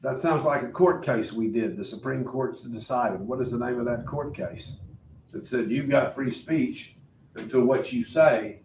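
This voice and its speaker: A man's voice: medium pitch, measured pace, background noise. A middle-aged man giving a classroom history lecture, asking rhetorical questions and telling students what to write down. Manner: conversational, rhetorical questions, tells students to take notes. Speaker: history teacher.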